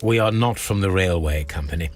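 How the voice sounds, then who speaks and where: A man's voice: low-pitched, fairly quick, a little hiss or hum, lightly acted. A man voicing Sherlock Holmes in a video game, formal and courteous as he questions people. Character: Sherlock Holmes, formal poised male detective.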